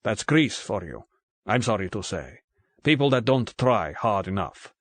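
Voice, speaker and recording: A male audiobook reader voicing a proud, gruff Greek man with a deep voice. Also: sing-song, a bit bright, no echo, exaggerated voice. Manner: measured, contemptuous. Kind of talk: audiobook character voice.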